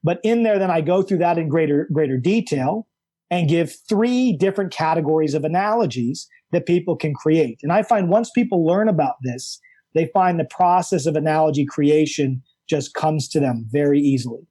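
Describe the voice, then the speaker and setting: Emphatic high-voiced male coach. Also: moderate pace. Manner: animated, emphatic, repeats key words. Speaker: guest, coach and author. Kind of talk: enthusiastic explanatory conversation.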